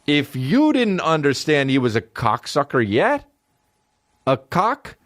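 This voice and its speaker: A man hosting a comedy podcast, ranting in a profane, animated way and breaking into character voices. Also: a little high, takes it slowly, dry recording, studio quality.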